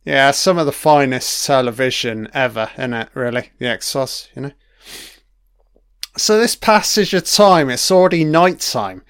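A man's voice: mid-range voice, animated, a little slow, fairly bright tone, smooth, no echo, studio quality. A man giving a casual commentary on a TV episode, chatty and swearing freely, laughing along as he watches.

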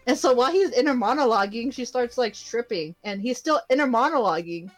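A woman's voice: a little high, expressive, brisk. A young woman co-hosting a casual podcast, retelling an anime episode with lots of giggles and fillers. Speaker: podcast co-host recapping an anime. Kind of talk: casual chat.

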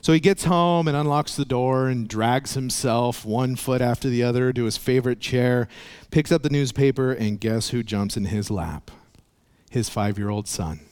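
This pastor's mid-range voice is clear, resonant, and darkish, moving at normal speed. He preaches earnestly, telling stories and performing the voices within them.

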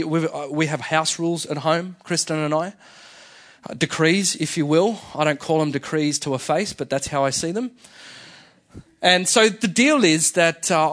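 Male senior pastor, fairly high voice, casual conversational sermon delivery. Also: fairly bright tone. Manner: conversational, with frequent fillers and restarts.

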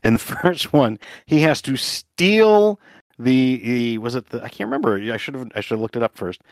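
A man co-hosting a casual podcast, joking his way through film picks and poking fun at himself. His mid-pitched voice is very animated, recorded close and dry. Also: normal speed, no echo. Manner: joking, self-mocking. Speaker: podcast co-host recommending films.

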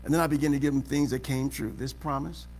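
A man preaching a sermon as pastor in a church auditorium, asking the congregation questions and building to shouts. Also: mid-range voice, fairly even intonation, fast talker, a little hiss or hum. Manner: preaching with rising shouts and call-and-response questions. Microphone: live service recording.

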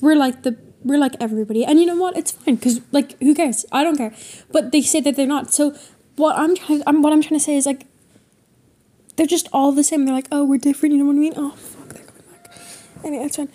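Teen girl co-host, high mellow voice, sweary and rambling. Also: fairly even intonation, quick pace. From Ireland. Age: teens. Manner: rambling, sweary, many fillers. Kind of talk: casual chat.

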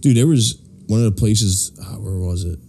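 A man's voice: fairly low pitch, moderate pace, vocal fry, warm tone, breathy edge. A young man from Philadelphia, hosting a casual podcast, telling rambling work stories full of swearing and acted-out quotes. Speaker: podcast host. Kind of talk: casual chat, storytelling.

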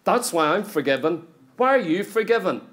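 High-voiced man preaching emphatically. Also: animated, normal speed, fairly bright tone. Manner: emphatic, rhetorical questions to the congregation. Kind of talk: sermon. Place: church.

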